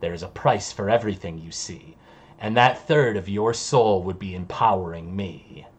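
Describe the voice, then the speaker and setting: A man acting out an ancient, sly demon in a tabletop game, with a slow, hushed and ominous delivery. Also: low voice, husky, pitched below the performer's own voice. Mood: cool bargaining. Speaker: game master voicing a character. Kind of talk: tabletop game role-play.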